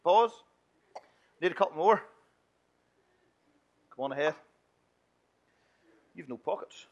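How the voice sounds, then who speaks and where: Male minister, higher-pitched, playful and chatty with the kids. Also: expressive, takes it slowly, pauses often, lo-fi sound. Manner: playful and chatty, mimicking whiny children. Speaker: minister leading a children's talk. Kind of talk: lively church children's talk.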